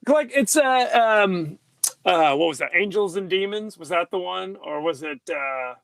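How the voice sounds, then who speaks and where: A man co-hosting a casual film podcast, his voice pitched high with a gravelly edge. He retells scenes with animated, building excitement. The sound is dry and close, with no room around it. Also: unhurried, no room sound. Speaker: podcast co-host.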